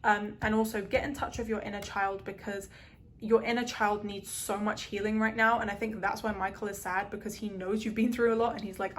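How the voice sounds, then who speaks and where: A woman's voice: mid-range voice, little pitch movement, a little fast, a little hiss or hum. A woman giving a pick-a-card tarot reading to her viewers, earnest and emotional, rambling with lots of "um" and "like". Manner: rambling, full of "um" and "like".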